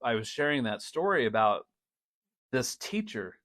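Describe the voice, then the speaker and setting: A middle-aged man hosting a podcast, telling a story in a casual, animated way, laughing often and restarting his sentences. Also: medium pitch, a little slow, no room sound. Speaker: podcast host and drum teacher.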